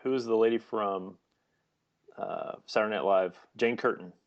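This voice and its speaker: A man's voice: lowish voice, steady tone, moderate pace, muffled recording. A man co-hosting a casual podcast, joking and giggling, often trailing off while hunting for words. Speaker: podcast co-host.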